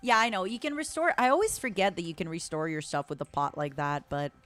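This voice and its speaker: A woman's voice: fairly low pitch, moderate pace, fairly bright tone, a little hiss or hum. A woman streamer giving playful, casual commentary as she plays a game, calling her viewers honey and darling.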